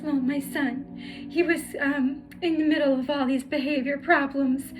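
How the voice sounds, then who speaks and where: High-voiced woman telling a painful story. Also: fairly even intonation, over music. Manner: halting, emotional, many restarts. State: tearful. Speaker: spiritual healer telling her life story. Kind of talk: personal storytelling vlog.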